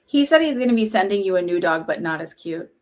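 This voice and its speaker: A woman talking casually on a livestream as a psychic medium, chatty and warm, with lots of "like" fillers. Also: lowish voice, expressive, fast. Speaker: psychic medium hosting live readings.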